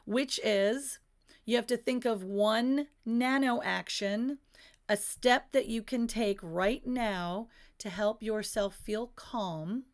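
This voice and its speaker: A middle-aged woman hosting a live stream, teaching in an earnest, encouraging way as a manifestation coach. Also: mid-range voice. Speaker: livestream host and manifestation coach.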